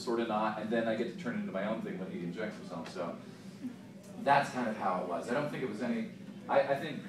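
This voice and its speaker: Man fielding fan questions on a panel, joking and loose; captured from a distance in an echoey hall with noisy ambience. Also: on the low side. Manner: chatty, jokey, laughs often, swears casually. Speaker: voice actor answering fan questions. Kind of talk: convention panel Q&A. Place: large convention hall.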